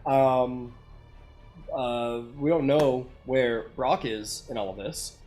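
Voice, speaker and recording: A man's voice: medium pitch, takes it slowly, darkish tone, faint music behind. Man running a rambling tabletop game. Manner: rambling, with many fillers like "um" and "like". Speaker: game master.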